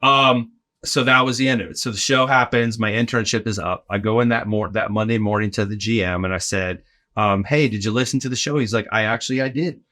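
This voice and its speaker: Animated storytelling man. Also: fairly low pitch, a little fast. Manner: animated, acts out other people's lines in quotes. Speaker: podcast guest, arena game host. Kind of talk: casual storytelling.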